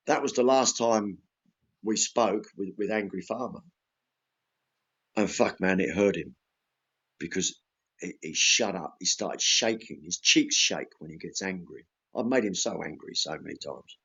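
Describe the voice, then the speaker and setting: A man's voice: fairly low pitch, normal speed, a bit bright, slightly rough, dull audio. An Englishman telling a story in casual podcast chat, blunt and sweary, acting out the exchanges he quotes. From England. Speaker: podcast guest.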